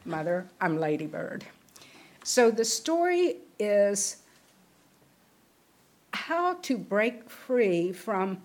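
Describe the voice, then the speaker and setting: A woman's voice: mid-range voice, a little mellow. Middle-aged woman giving an inspirational sermon. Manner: storytelling, acts out film scenes in varied voices. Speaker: spiritual speaker.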